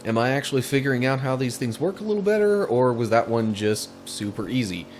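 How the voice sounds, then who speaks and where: A man chats casually about his racing gameplay. He talks in a mid-range voice, laughs easily and gets excited behind the wheel. A faint noise sits under his voice. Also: mid-range voice, fairly quick. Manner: chatty, laughs easily, excitable while driving. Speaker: gaming channel host. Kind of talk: casual let's play commentary.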